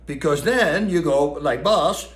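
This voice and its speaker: A middle-aged man with a Dutch accent telling a story casually and animatedly, acting out what people said. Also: a little fast. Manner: animated, acts out quotes with raised pitch. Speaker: storyteller host. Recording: echoey room.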